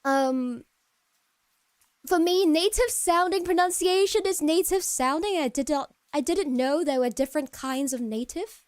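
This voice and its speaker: A woman with a high, light voice chats casually with her stream audience, meandering and hesitant, full of "um"s and restarts. She often drops into soft, quiet murmurs. The sound is close and dry, with no room echo. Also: a little slow. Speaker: virtual streamer chatting with viewers. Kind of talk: casual live-stream chat.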